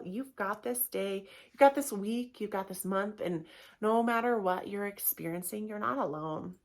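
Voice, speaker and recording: A woman's voice: medium pitch, normal speed. A middle-aged woman hosting her own yoga podcast, talking straight to her listeners in a casual, gushing and encouraging way. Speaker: yoga teacher and podcast host. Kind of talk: casual motivational podcast monologue.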